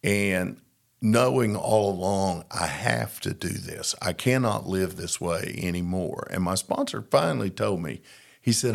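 A middle-aged man with a low, gravelly voice tells his recovery story at an unhurried pace. He speaks plainly and reflectively, pausing on fillers as he works his way through. It sounds like an interview testimony.

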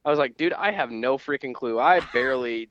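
A young man co-hosts a casual podcast, telling long rambling stories packed with fillers. His voice is smooth, and the recording sounds dry and a little dull. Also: mid-range voice, brisk, a bit bright, dry recording. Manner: rambling storyteller, many fillers. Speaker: podcast co-host. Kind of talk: casual chat.

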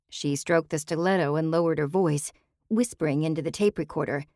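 A woman narrating an audiobook in the first person, wry and expressive, on a close studio mic. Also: sits low, fairly quick, no echo.

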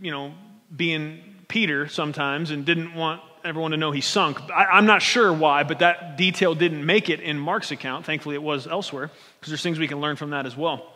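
A man preaching a sermon as pastor, conversational and animated, often restarting his phrases. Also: fairly high pitch, moderate pace. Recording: long hall reverb.

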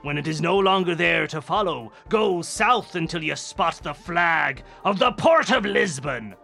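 A man voicing a blustering male pirate who writes out sailing orders, reading them slowly and theatrically with shouted bursts. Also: fairly high pitch, expressive, gravelly, faint music behind, exaggerated voice. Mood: jaunty.

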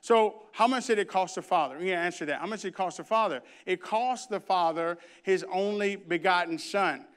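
A man preaching a sermon and reading scripture, emphatic, with loud bursts and hushed asides, and humorous conversational stories. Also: high voice, brisk, few pauses, smooth. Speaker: pastor.

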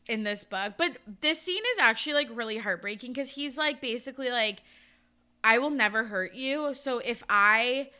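A woman's voice: a little high, sharp tone, smooth. A woman co-hosting a podcast in casual chat, blunt and swearing casually. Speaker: podcast co-host.

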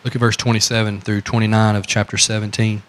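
A man's voice: lowish voice, flat delivery, fast talker, a little hiss or hum. A man with a Southern American accent preaching a sermon as pastor, repeating phrases and asking the congregation questions.

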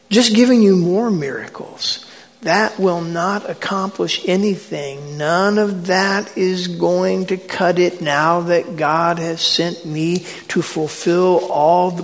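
A man voicing Jesus as an earnest teacher, urgently pleading with his listeners. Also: a little high. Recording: long hall reverb.

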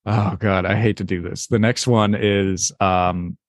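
A man's voice: fairly low pitch, fairly even intonation, a little slow, no room sound, clean studio sound. A man hosting a casual podcast, rambling through the setup of an improv game with fillers and laughs. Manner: rambling, laughs between phrases, lots of fillers. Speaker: host. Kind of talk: casual podcast chat, setting up improv skits.

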